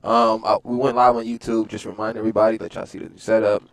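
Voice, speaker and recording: A man co-hosting a podcast, animated and laughing, reading out supporter shout-outs in casual chat. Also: fairly low pitch, fast talker, gravelly. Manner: animated, laughing, reads names out. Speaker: podcast co-host.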